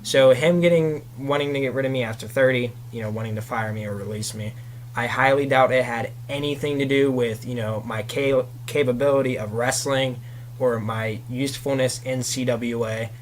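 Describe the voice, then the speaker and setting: Young male guest, mid-pitched, rambling storyteller, faint hum under the voice. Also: fairly even intonation, normal speed. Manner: rambling, frequent "you know" fillers. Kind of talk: casual chat.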